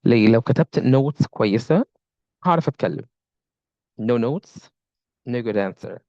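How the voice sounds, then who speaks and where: A man's voice: medium pitch, expressive, quick pace, no room sound. A young man with an Egyptian accent explains speaking-exam strategy, mixing English and Egyptian Arabic in the same sentence. His voice sits in a middle range for a man. It is recorded close and dry, with a slightly muffled, lo-fi quality. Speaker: IELTS speaking teacher. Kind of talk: casual video lesson. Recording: slightly dull lo-fi sound.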